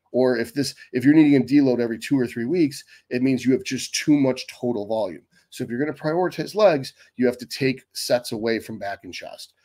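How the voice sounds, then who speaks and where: Speaking fast and off the cuff, a middle-aged man lectures on fitness as a bodybuilding coach, with blunt, profane delivery. He has a somewhat mellow, mid-range voice.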